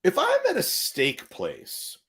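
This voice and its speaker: A man hosts a laid-back conversation, his voice rising and falling in lively swings at a middle pitch. He talks with an animated manner, often restarting his sentences mid-thought. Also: takes it slowly, breathy edge. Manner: animated, many restarts and hedges. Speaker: podcast host. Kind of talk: casual chat.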